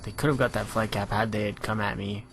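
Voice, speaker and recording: A man giving a relaxed, analytical voice-over on his own competitive match, filling pauses with "you know". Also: lowish voice, soft background music. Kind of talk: gameplay commentary voice-over.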